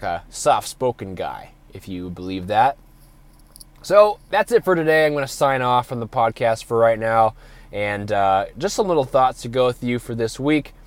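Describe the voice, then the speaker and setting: A man hosting a solo fitness podcast, hoarse from being sick, talking in an energetic, announcer-like way with many fillers. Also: mid-range voice. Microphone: podcast microphone.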